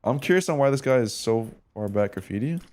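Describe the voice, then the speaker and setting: Brisk and expressive, his mid-range voice has a darkish quality. He's looking back at a match replay on stream, talking loosely to viewers and swearing in slangy, think-aloud commentary.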